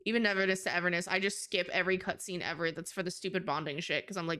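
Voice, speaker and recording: Smooth-voiced woman chatting on stream. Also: on the low side, fairly even intonation, fast talker, hardly any pauses, pushed and bright. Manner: rambling, many "like" fillers, swears casually. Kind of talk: casual live-stream chat.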